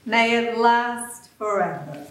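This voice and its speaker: A woman's voice: fairly high pitch, lively intonation, takes it slowly, a little hiss or hum. An actress voicing a sentimental woman who earnestly wishes a young couple well, in a live staged play reading. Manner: earnest and gushing. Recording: echoey auditorium recording from a distance.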